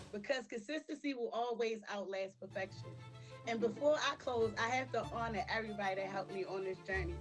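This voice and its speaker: A woman reading a prepared acceptance speech for a streaming award, emotional and near tears. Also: fairly high pitch. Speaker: live-stream creator receiving an award.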